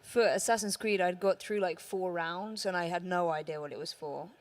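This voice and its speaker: Chatty London-accented woman, slightly low. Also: normal speed. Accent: London English. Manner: laughing, chatty storyteller. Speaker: voice actress panelist. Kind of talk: casual panel chat. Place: conference panel stage.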